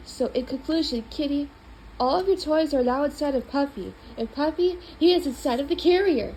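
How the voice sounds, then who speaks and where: A woman reading a children's book aloud in an expressive, playful way. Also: high voice, moderate pace, slight background noise, poor audio. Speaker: storybook reader.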